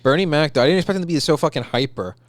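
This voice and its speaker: A man's voice: a little high, very fast, dry recording. A man in his twenties co-hosting a podcast, rambling casually with lots of restarts and swearing. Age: 20s. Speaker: podcast co-host. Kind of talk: casual comedic banter.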